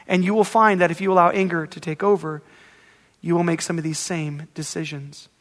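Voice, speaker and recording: A man's voice: a little high, flat delivery, a little fast, a bit bright, long reverb tail. A male pastor preaching an emphatic, conversational sermon, with acted-out examples from everyday life.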